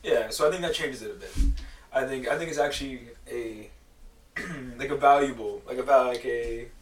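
A man's voice: mid-range voice, normal speed, far from the mic. A man on a podcast who argues his point carefully in a casual chat. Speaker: podcast co-host. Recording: roomy echo, off-mic.

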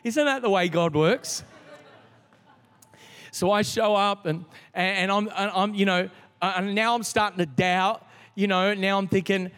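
A middle-aged man preaching a sermon as a pastor, telling a story with lively restarts. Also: high voice, a little slow, clear, resonant tone. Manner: storytelling, animated, with frequent restarts. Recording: long reverb of a large hall.

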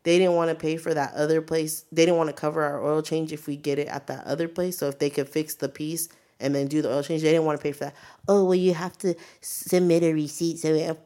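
Low-voiced profane young woman co-host. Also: quick pace, few pauses. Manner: profane, animated storyteller acting out quotes. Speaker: podcast co-host. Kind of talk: casual chat.

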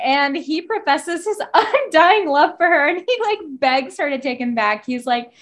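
A young woman co-hosting a podcast, casually recapping a novel, animated and swearing freely as she acts out the characters' lines. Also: high-pitched, normal speed, hardly any pauses. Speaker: podcast co-host. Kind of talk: casual book recap chat.

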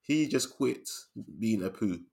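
A man's voice: lowish voice, expressive, takes it slowly, mellow. A man co-hosting a casual film chat podcast, easygoing and chatty, often laughing. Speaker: podcast co-host.

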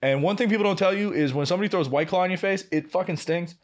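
A young man, a podcast co-host, telling a workplace story in casual chat, swearing and acting out what people said. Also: quick pace. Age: young adult. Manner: animated, swearing, acting out quoted lines with big pitch jumps.

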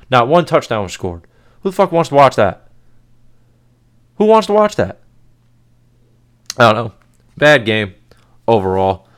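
Chatty man giving blunt sports picks. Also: medium pitch. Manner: chatty, blunt, laughs often, frequent swearing. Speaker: podcast host. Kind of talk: casual sports talk.

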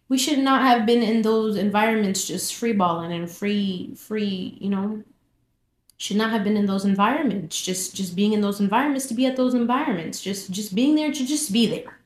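Young woman, higher voice, vlog testimony, lively, repeats herself for emphasis; roomy echo. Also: normal speed. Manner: animated storytelling, repeats phrases for emphasis. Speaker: vlogger sharing her testimony. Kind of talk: casual personal testimony. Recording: echoey room.

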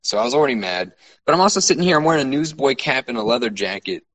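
A man's voice: mid-range voice, big pitch swings, very fast, a bit bright, low-quality recording. A man from Alaska co-hosting a podcast, telling stories in casual chat, swearing freely and laughing often. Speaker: podcast co-host.

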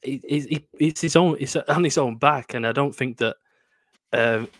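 A man's voice: medium pitch, dry recording. Joking young Lancashire man, dry sound. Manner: chatty, joking, quick to laugh. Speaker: podcast co-host. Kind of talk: casual chat.

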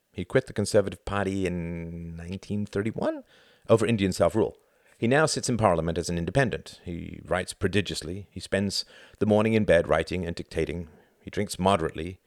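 A man reading aloud, voicing Gunther, a knowing man who explains things in a measured, lecturing way. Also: sits low, creaky, no echo, clean studio sound.

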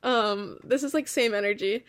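A young woman tells a story in a casual chat with a bright, forceful voice sitting a little high. She talks in a lively, swearing way and laughs often. The sound is dry and close. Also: normal speed, no room sound. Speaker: co-host.

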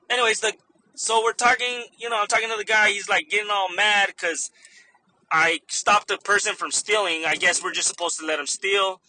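A man's voice: sits high, pushed and bright, a little hiss or hum. A young man, a store manager, animatedly telling a story in a casual vlog, swearing freely and laughing often.

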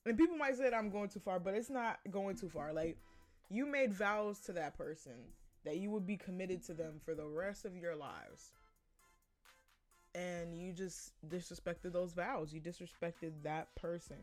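A woman's voice: on the low side, normal speed, soft background music. A woman hosting a podcast, giving her opinions in a blunt, profane, casual monologue and laughing often. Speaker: podcast host.

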